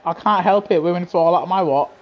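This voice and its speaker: A man's voice: high-pitched, a little fast, muffled recording. Slangy, laughing gaming streamer man. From England. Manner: playful teasing, laughs often, slangy. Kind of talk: live gameplay commentary chatting to a lobby.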